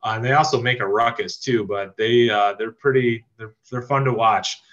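A man from a land trust giving a casual online talk on birding, relaxed and enthusiastic, with many fillers and restarts. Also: medium pitch, normal speed. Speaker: land trust staff member teaching birding. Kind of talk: casual virtual presentation. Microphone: video call microphone. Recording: slightly dull lo-fi video call audio.

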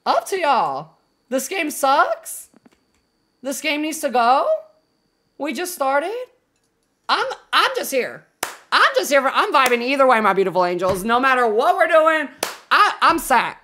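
A woman game streamer chatting casually while she plays, expressive, swearing freely and cooing affectionately to her viewers. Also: sits high, unhurried, long pauses. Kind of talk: casual live-stream chat while gaming.

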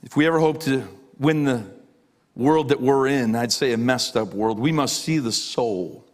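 A middle-aged man, a pastor, preaching a sermon with emphatic repetition, dropping low on key lines. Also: moderate pace.

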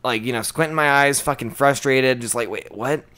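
A man's voice: mid-range voice, normal speed, clear, resonant tone. A young man casually telling work stories on a podcast, acting out callers and swearing freely. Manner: animated, acts out callers in quoted voices. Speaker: podcast co-host. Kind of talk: casual storytelling chat.

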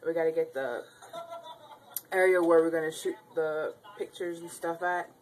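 A woman's voice: deep voice, steady tone, normal speed, darkish tone. A young woman vlogging casually at home on a handheld camera, chatty, giggly and rambling. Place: house, indoors.

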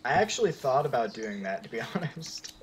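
Lively woman gamer, loud chatter behind. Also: a bass voice, brisk. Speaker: game player. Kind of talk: casual voice chat while gaming.

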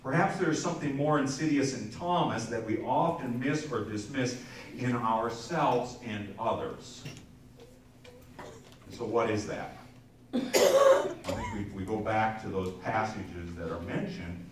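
A man's voice: medium pitch, big pitch swings, measured pace, a little hiss or hum. A male pastor giving a conversational sermon to his congregation, often repeating words and restarting phrases and turning to listeners with asides. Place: church sanctuary. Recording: echoey church from a distance.

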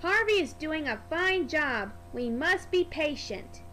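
A woman's voice: high-pitched, expressive, slow pace, fairly bright tone, a little hiss or hum, heavily acted. A woman voicing a stubborn male tank engine who huffs dismissively. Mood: huffy. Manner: huffy, dismissive.

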